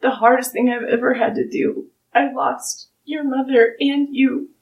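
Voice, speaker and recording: A woman voicing a gruff, remorseful male orc father in a tabletop game. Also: sits high, level tone, unhurried, lo-fi sound, voice pushed up. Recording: roomy, distant mic.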